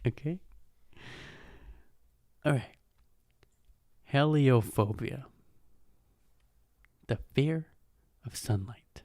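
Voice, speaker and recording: A man's voice: medium pitch, very slow, pauses often, a little mellow, dry recording, clean studio sound. A man hosting a podcast, riffing in a mocking, profane way and laughing at his own jokes. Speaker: podcast host. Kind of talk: casual comedic monologue. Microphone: podcast microphone.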